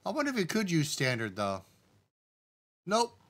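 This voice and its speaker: A man with a somewhat high voice, working through a live coding stream. He walks through each setting out loud in an easy, unhurried way and chats with his viewers between steps. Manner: relaxed, talks himself through settings step by step; addresses the chat directly. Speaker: game developer streaming live. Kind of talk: live-stream walkthrough, thinking aloud.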